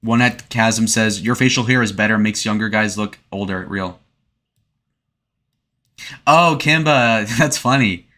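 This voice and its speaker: A man's voice: lowish voice, a little slow, pauses often, sharp tone. A young man in his twenties streaming casually, rambling with many fillers and restarts while reading chat comments. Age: 20s. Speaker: streamer reviewing his own speed date. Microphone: desk webcam setup.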